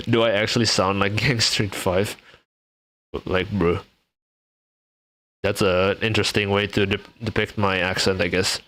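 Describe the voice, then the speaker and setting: A young man from Indonesia, chatting loosely with the viewers of his stream. His voice sits a little low, and he laughs often, stumbling over and restarting his sentences as he goes. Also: level tone, measured pace, long pauses, a bit bright. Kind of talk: casual live-stream chat.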